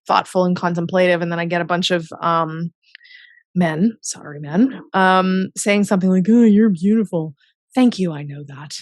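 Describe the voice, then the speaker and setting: A woman's voice: on the low side, no echo, studio quality. Emphatic, self-assured woman interview guest. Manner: laughs often. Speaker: author and business co-founder, interview guest. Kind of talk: candid conversational interview.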